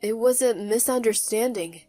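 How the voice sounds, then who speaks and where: A woman's voice: a little high, moderate pace, mellow, lightly acted. A woman voicing an angry, defensive male ex-husband in a story, indignant and whiny, with faint music behind. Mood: pleading. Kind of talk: storybook narration.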